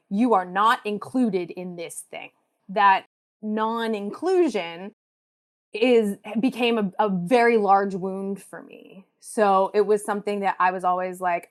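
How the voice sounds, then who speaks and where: A woman guest on a podcast, telling a personal story in a reflective way, with frequent fillers. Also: lowish voice. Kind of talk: casual conversation.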